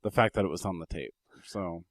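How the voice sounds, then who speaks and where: A man's voice: sits low, a little fast, dry recording. A man co-hosting a podcast in casual chat, blunt, swearing casually and telling stories. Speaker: podcast co-host.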